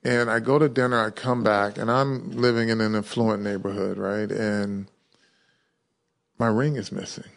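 A man who once played football, a guest on a podcast, telling a story in a relaxed, halting way with many restarts. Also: fairly low pitch, vocal fry. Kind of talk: casual interview storytelling.

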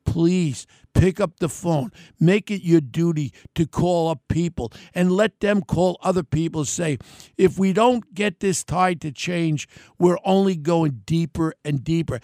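An older man, a podcast host giving a blunt, heated solo rant in a gravelly voice. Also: high-pitched, normal speed, a little mellow, no echo, studio quality.

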